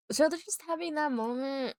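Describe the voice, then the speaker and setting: A young woman streaming while she draws, retelling a film in a rambling, animated way with many fillers, and turning emphatic and indignant when she gives her opinion. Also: sits high, no echo. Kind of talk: casual chat while drawing on a livestream.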